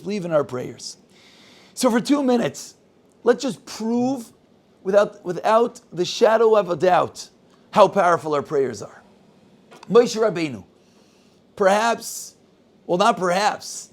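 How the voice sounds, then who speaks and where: A man's voice: high voice, gravelly. A man giving a sermon as a rabbi, telling a story and quoting its people with rising intensity. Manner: animated storyteller, voices quotes with rising intensity.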